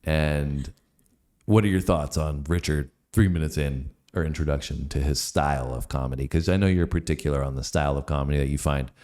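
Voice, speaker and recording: A man co-hosting a reaction video in a relaxed, conversational way. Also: a bass voice, a little fast. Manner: easygoing, asks questions, fills with "you know". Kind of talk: casual chat.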